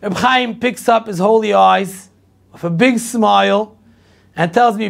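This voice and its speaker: A middle-aged rabbi tells a long personal story to an audience, lively and full of repetition. His voice sits high for a man and has a gravelly, creaky edge. He acts out everyone's lines as he goes. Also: unhurried. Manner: animated storyteller acting out dialogue, repetitive. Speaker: rabbi lecturer.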